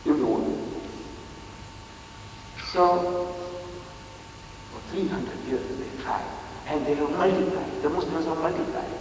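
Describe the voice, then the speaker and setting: A man's voice: on the high side, far from the mic, a little hiss or hum. Older man lecturing in an echoey hall. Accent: South African. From South Africa. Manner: emphatic orator with rhetorical questions and repetition. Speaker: Islamic lecturer. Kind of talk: public lecture to a live audience. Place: large hall with live audience. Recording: echoey hall recorded from afar.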